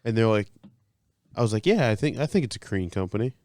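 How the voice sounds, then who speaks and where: A young man co-hosting a podcast, relaxed in casual chat and swearing casually. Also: on the low side, fast talker, no room sound. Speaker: podcast co-host.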